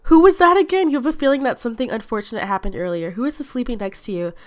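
A woman's voice: on the high side, expressive, rapid-fire. A woman hosting a casual let's-play video, chatty and often exclaiming as she talks to her game characters. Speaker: gaming video host.

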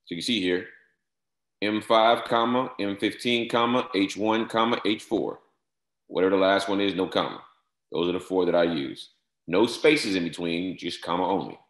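Man, deep low voice, step-by-step tutorial, repeats short cues, echoey room. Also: moderate pace. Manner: step-by-step instructions, repeats "all right" and "no space, comma". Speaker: software trainer. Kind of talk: screen-share tutorial walkthrough.

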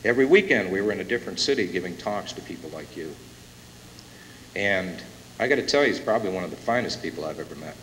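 A man's voice: deep voice, expressive, fast talker. A man emceeing a conference, introducing the keynote speaker with rising emotion. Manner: emotional, building to loud announcements. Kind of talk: impassioned rally introduction. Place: conference hall with a live audience. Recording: echoey hall from far off, hissy tape.

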